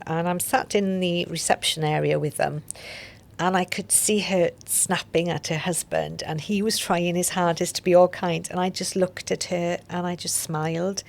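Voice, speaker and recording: A woman's voice: lowish voice, creaky. A woman, a podcast guest, telling her story openly and reflectively. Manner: open, reflective, with soft laughs. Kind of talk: candid interview storytelling.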